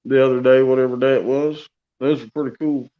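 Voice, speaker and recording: A man's voice: medium pitch, steady tone, fairly quick. A man chatting casually with friends while fishing outdoors, friendly and chatty. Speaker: fishing companion. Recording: distant dull lo-fi outdoor audio.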